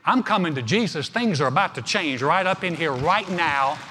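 A man voicing a desperate blind beggar man who shouts his pleas for help. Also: on the high side, animated, normal speed, long reverb tail, a little hiss or hum. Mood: determined. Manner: loud pleading shouts.

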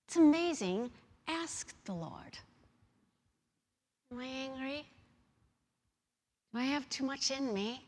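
A woman preaching a sermon, moving from hushed, near-whispered lines to loud, animated storytelling. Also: fairly high pitch, husky. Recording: long reverb of a large hall.

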